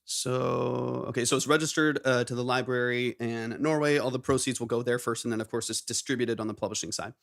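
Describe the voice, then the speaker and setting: Male stream host, gravelly tone, mid-pitched, upbeat and casual. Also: fairly even intonation, a bit bright. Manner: upbeat, quick to praise. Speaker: live stream host reviewing music submissions. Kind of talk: casual live stream chat.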